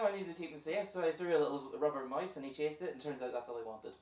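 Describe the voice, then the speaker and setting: A man's voice: a little high, quick pace, few pauses, distant mic. A man with a Northern Irish accent doing a stand-up set on a club stage into a handheld mic, playful and self-mocking, riffing with the crowd. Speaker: stand-up comedian. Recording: echoey club, from afar, with crowd noise.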